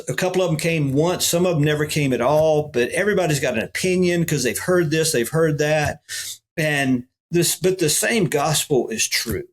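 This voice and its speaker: A middle-aged man with a Southern US accent, a pastor telling folksy stories in a podcast interview. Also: on the high side. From Alabama. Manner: folksy, animated when quoting others.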